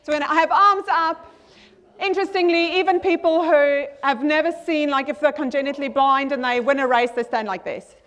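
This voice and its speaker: A woman giving an energetic motivational talk at a conference, repeating key lines and leading the audience in reading a power statement aloud. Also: high voice, fairly quick. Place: conference hall with a screen.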